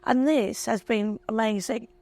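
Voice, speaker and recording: A woman's voice: on the high side, steady tone, measured pace, mellow. A woman in her fifties, a guest talking candidly and emotionally, chatty and self-mocking. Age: 50s. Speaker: interview guest. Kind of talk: candid chat.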